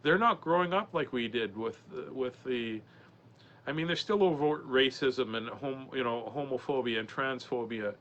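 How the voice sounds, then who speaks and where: A man in his forties tells a personal story on a podcast, his voice bright and forward. He talks in an earnest, halting way and often restarts his sentences. The recording sounds dull and lo-fi, with a faint hiss behind him. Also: medium pitch. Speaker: podcast guest, comedian and mental health speaker.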